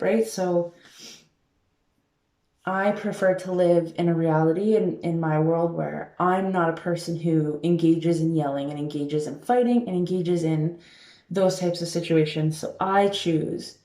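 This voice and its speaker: A woman's voice: on the low side, mellow. A woman life coach giving emphatic advice to camera in a casual way, with many filler words. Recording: roomy echo.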